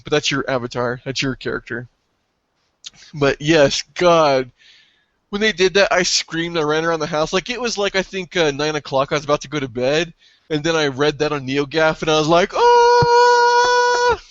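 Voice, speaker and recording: A man co-hosting a casual gaming podcast, excitable and profane, breaking into yelps when something thrills him. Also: fairly high pitch, fairly quick, no echo, dull audio. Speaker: podcast co-host.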